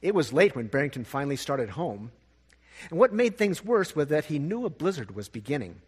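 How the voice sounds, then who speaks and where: A man reading a storybook aloud in a gentle, expressive way, with a husky voice. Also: fairly high pitch. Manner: gentle, expressive, slow at sad parts. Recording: long reverb.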